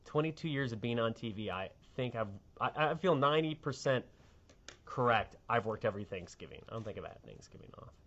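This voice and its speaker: A man's voice: mid-range voice, lively intonation, a little fast, a bit bright, lo-fi sound. Chatty middle-aged TV weatherman. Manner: chatty, rambling, sentimental. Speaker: TV meteorologist. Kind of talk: casual on-air chat.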